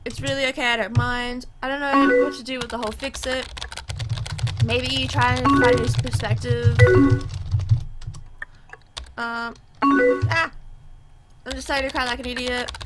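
A woman hosting a gaming channel, reading both sides of a chat game's messages aloud in a chatty, reactive way. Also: on the high side.

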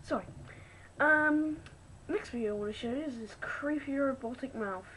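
Wry, bright-voiced woman host. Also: sits high, moderate pace, a little hiss or hum, low-quality recording. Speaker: video host. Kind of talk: casual video commentary.

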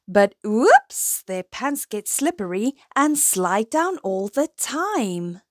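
A woman reading a rhyming children's picture book aloud in a slow, rhythmic way. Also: mid-range voice, no room sound, clean studio sound. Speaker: storyteller.

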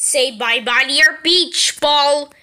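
A woman's voice: sits high, slow pace, very noisy. A woman voicing a firm, patient mother who scolds her son in a homemade cartoon. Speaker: cartoon narrator and voice actor.

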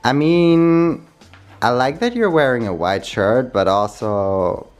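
A young man hosting a casual home vlog, playful and giggly, breaking into high squeals now and then. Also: expressive, takes it slowly, faint music behind. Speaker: vlogger host. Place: home room.

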